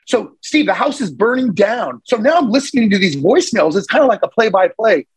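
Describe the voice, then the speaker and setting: A man guest on a podcast, telling a story in a casual, animated way and acting out the voices of the people in it. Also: high voice, fairly quick, hardly any pauses, slightly rough, rough recording. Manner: animated, acts out voices in his stories. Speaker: podcast guest, real estate investor.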